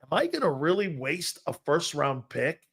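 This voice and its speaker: A man hosting a live sports talk show, loud and jokey, talking straight to his viewers. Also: a little high, very animated, moderate pace, vocal fry, husky. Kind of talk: live-stream sports talk reading chat.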